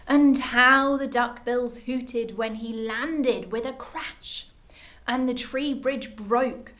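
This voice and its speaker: A woman reading a children's picture book aloud at a library story time, with lively expression. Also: a little high, takes it slowly.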